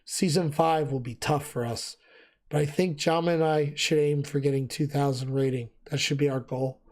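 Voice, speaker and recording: A man who is losing his voice explains game gear in a relaxed, casual talk, thinking aloud with frequent fillers. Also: on the high side, moderate pace. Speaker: gaming video host.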